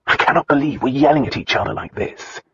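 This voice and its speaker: A man voicing a gruff, arrogant nobleman. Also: medium pitch, fast talker, no echo, dull audio. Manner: gruff, blunt, dryly teasing. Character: arrogant nobleman husband, gruff and dryly teasing. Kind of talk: audiobook dialogue.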